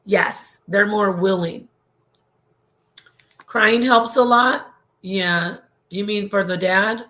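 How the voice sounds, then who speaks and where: A woman's voice: mid-range voice, takes it slowly, long pauses, pushed and bright. Rambling, emotional woman streaming live. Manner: rambling and emotional, with frequent laughs and restarts. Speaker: livestream host reading viewer comments. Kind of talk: casual livestream chat.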